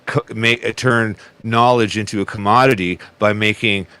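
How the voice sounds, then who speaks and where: A man's voice: lowish voice, steady tone, moderate pace, sharp tone, clear, resonant tone. A man chatting as a guest over a remote call, rambling with many fillers and asides, swearing now and then. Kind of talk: casual conversation.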